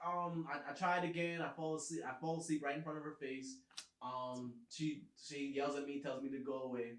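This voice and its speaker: A man's voice: on the high side, flat delivery, fairly quick. A man on a podcast casually telling a laid-back story and laughing along with it. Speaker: podcast co-host. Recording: roomy echo.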